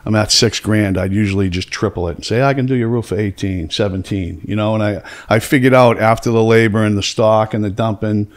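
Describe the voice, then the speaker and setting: A man's voice: lowish voice, fairly even intonation, fairly quick, hardly any pauses. A middle-aged man, hosting a casual podcast and telling long stories, full of fillers and profanity. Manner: rambling, heavy on fillers and profanity. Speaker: podcast host. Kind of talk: casual storytelling chat.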